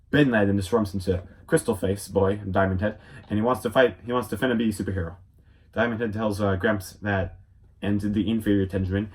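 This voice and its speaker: Young guy, lower voice, goofy rambling comedy recap with deadpan asides. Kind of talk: silly comedic episode summary with quick voice impressions.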